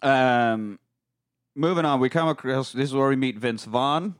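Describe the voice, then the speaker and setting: A man's voice: medium pitch, unhurried, clear, resonant tone, dry recording, clean studio sound. A man hosting a casual podcast, recapping a film and acting out its lines in put-on voices with frequent laughter. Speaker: podcast host.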